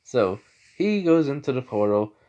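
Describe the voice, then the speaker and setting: A man's voice: mid-range voice, big pitch swings, moderate pace, warm tone. Give me a sleepy man rambling through an improvised story, recorded on a slightly muffled home mic. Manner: rambling, lots of fillers. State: sleepy late at night. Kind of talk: improvised fan-fiction narration.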